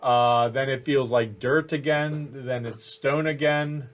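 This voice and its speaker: A man narrating as game master of a tabletop game, in a halting way with many fillers. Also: medium pitch, steady tone, dull audio.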